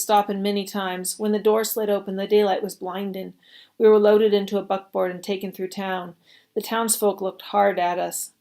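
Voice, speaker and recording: Brief: woman storyteller, mid-pitched, expressive and steady read-aloud. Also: vocal fry. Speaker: reader. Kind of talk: reading a story aloud at a service.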